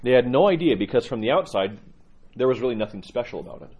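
A man's voice: mid-range voice, lively intonation, quick pace, a little mellow, husky, muffled recording. A man teaching a catechism lecture, earnest and emphatic, often repeating himself for weight.

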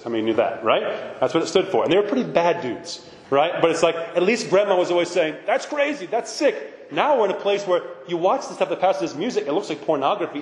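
A male priest preaching a blunt, animated sermon with mocking asides. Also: fairly high pitch. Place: church. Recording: echoey hall from far off.

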